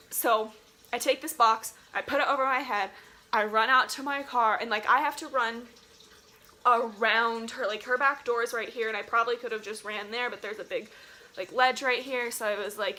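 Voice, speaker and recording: A young woman vlogger from Colorado, telling a story in a casual, animated and dramatic way, saying "like" often. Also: on the high side, moderate pace. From Colorado, USA.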